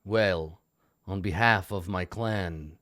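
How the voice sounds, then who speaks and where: A man's voice: low voice, slow pace, a bit bright, no room sound, clean studio sound. A man running a tabletop game as game master, narrating with many hesitant fillers.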